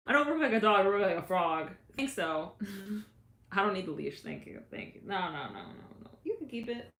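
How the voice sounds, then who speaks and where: A young woman hosts a casual livestream in a medium-pitched, fairly bright voice that swings widely, speaking at a moderate pace. She's giggly and rambling, laughs often, and sings snatches of songs.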